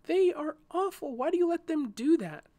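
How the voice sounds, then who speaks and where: Man doing a high squeaky nervous weed girl, storybook voice, dry close sound. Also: big pitch swings, drawn-out words, a little mellow, no echo, exaggerated voice. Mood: alarmed. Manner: high, startled and fretful. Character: shy prickly female thorny weed. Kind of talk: storybook narration.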